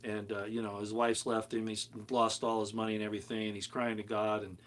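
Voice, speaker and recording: A man's voice: on the low side, flat delivery, brisk. Rambling older man telling stories. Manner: rambling, storytelling, shifts between loud emphasis and quiet asides. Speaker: video commentator. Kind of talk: casual monologue to viewers.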